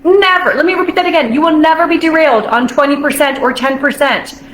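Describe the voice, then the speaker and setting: A woman giving a casual motivational talk as a nutrition coach, bubbly and quick to laugh, stretching out phrases for emphasis. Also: high-pitched, fairly bright tone, echoey room, slight background noise, poor audio.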